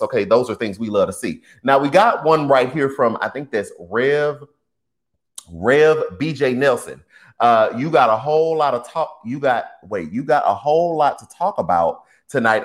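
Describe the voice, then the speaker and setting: A man hosting a casual political livestream, talking to his chat in an animated, sassy way. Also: medium pitch. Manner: animated, sassy, addresses chat as y'all and baby.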